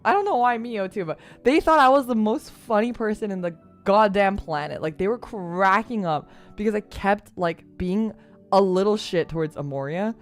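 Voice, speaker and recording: A young adult woman streamer telling a story in casual chat, animated, laughing and swearing freely. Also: mid-range voice.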